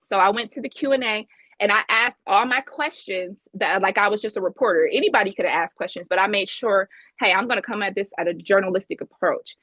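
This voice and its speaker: A woman from Ohio, USA, gives an earnest, emphatic personal testimony as a guest speaker at an online event over a video call, restarting her sentences often. Her medium-pitched voice is fairly quick, pushed and bright, with no room sound and a muffled recording.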